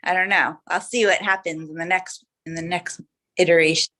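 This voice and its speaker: A woman speaking slowly and thoughtfully on a casual group video call. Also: fairly low pitch, steady tone, pushed and bright. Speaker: call participant.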